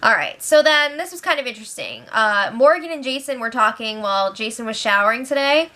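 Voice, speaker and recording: Chatty bright-voiced woman recapping. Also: fairly high pitch, fairly quick. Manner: chatty, laughs often, quotes people in lively voices. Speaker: reality show recap host. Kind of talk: casual spoiler recap. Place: home, with pets nearby.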